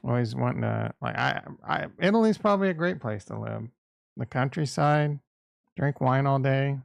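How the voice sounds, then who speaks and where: A man's voice: medium pitch, expressive, normal speed, vocal fry, no room sound. A middle-aged man hosting a livestream, chatting in a blunt, rambling, crude way. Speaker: livestream host. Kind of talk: casual livestream chat.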